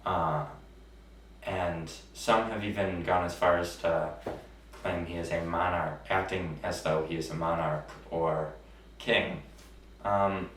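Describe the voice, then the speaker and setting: Slow, hesitant male comedy host. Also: low-pitched, fairly even intonation, fairly bright tone. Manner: hesitant, filler-heavy. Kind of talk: comedic show hosting. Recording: roomy, distant, noisy amateur recording.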